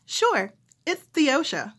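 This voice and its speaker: A woman's voice: high-pitched, sing-song, takes it slowly, a bit bright, pitched above the performer's own voice, full character voice. A woman voicing her own cheerful, smiling phone voice as a polite call center representative, with a General American accent. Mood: chipper, polite.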